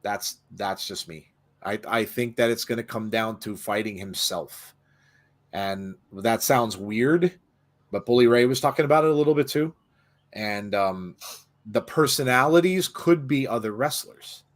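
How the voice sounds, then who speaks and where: A man's voice: fairly low pitch, measured pace. Casual man rambling through live commentary. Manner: rambling, with stammered restarts. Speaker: host of a live wrestling watch-along.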